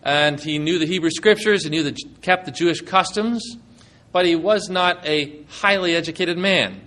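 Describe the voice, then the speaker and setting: A male preacher delivers a sermon in a relaxed, conversational way. He talks in plain, folksy terms, and his voice sits a little higher than most men's. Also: moderate pace.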